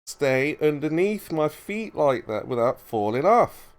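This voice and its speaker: Persistent questioning man, slightly high. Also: very animated, unhurried. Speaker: host. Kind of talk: casual debate, questioning.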